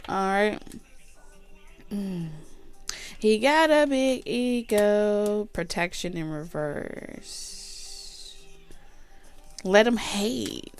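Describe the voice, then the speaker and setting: A woman's voice: mid-range voice, creaky. A woman giving a casual tarot reading, chatty, blunt and profane. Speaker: tarot reader.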